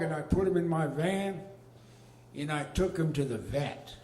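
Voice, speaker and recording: An older man telling a comic story on stage in a folksy, deadpan drawl. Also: a little high, a little slow. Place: arts venue stage with a live audience. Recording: echoey hall with long reverb.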